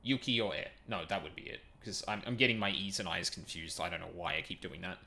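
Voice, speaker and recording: A man's voice: sits low, brisk, vocal fry, pushed and bright. A man streaming a video game, reading its text aloud and stumbling over unfamiliar words, with casual sweary asides.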